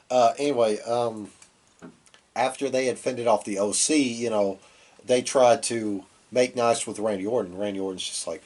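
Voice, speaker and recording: A man's voice: medium pitch, steady tone, a little slow, a little mellow. Man with a cold, rambling wrestling recap. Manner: loose, rambling recap with acted-out quotes. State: has a cold, coughing. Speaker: podcast co-host.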